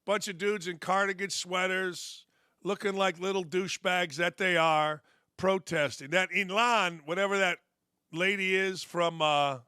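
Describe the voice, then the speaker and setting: A man's voice: high-pitched, fairly even intonation, a little slow, bright, forceful tone, smooth, dry recording, clean studio sound. A middle-aged man hosting a sports talk show, delivering a blunt, sarcastic, fired-up opinion monologue.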